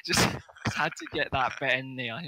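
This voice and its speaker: A man's voice: fairly high pitch, sharp tone, low-quality recording. A man on a casual podcast, making crude, sardonic remarks. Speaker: podcast co-host.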